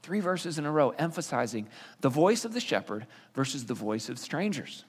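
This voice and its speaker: A man's voice: fairly high pitch, very animated, normal speed, husky. A man teaching a sermon in a conversational way, explaining with fillers and restarts. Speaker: pastor. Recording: long reverb of a hall.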